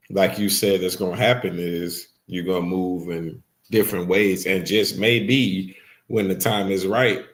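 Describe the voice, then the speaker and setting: Easygoing low-voiced man. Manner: laid-back, playful, reads out listener comments. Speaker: podcast co-host. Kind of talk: casual podcast chat.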